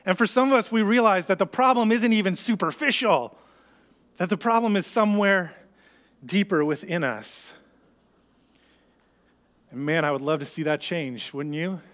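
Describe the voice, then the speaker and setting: An earnest man preaching a sermon in a high, light voice. He talks to the congregation conversationally and slips into the worried inner voices of his listeners. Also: moderate pace, long pauses, a bit bright. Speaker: pastor.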